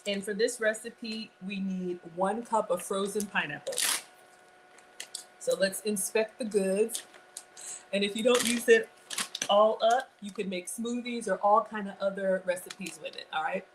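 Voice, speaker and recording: A woman's voice: mid-range voice, fairly even intonation, a little slow, noisy background. A woman in her forties from Ghana, hosting a casual live cooking stream from her home kitchen, chatting with viewers and poking fun at herself. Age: 40s. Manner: chatty and self-deprecating, greets viewers and reads their comments. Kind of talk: casual livestream cooking chat.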